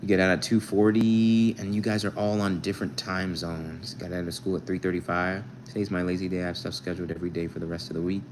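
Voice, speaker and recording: A man's voice: low voice, flat delivery, quick pace, hardly any pauses, noisy background. A young man casually chatting with viewers on a live stream, reading their comments aloud and joking with them. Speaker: livestreamer.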